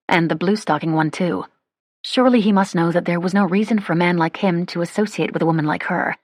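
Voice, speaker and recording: A woman narrating a romance audiobook in a measured, wry storytelling manner. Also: fairly low pitch, no echo, studio quality. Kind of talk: scripted narration.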